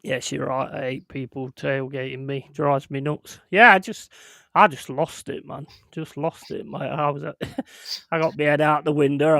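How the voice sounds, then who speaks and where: A young man with a gravelly, crackly edge hosts a casual stream and rambles through profane anecdotes, laughing as he goes. His voice sounds dry and close, with no room around it. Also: fairly high pitch, normal speed, a bit bright, dry recording. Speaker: streamer hosting a football watchalong. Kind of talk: casual chat.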